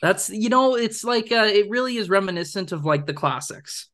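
A man's voice: high-pitched, animated, moderate pace, fairly bright tone. A young man co-hosting a film podcast, talking enthusiastically in a rambling way with fillers and laughs. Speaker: podcast co-host. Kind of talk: casual film discussion.

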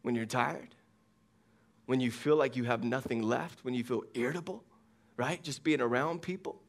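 A man's voice: mid-range voice, normal speed. A middle-aged pastor preaching a sermon, asking the congregation questions as he goes. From United States.

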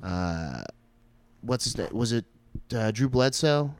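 A man's voice: mid-range voice, expressive, slow, smooth, no room sound. A man in his late twenties from North Texas, hosting a casual podcast and telling crude, rambling stories full of filler words. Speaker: podcast host.

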